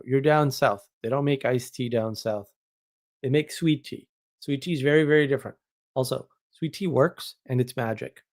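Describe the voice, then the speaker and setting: A man from New England hosting a live stream, chatting casually, rambling and joking with exaggeration as he answers viewers. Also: medium pitch. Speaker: live stream host reading chat.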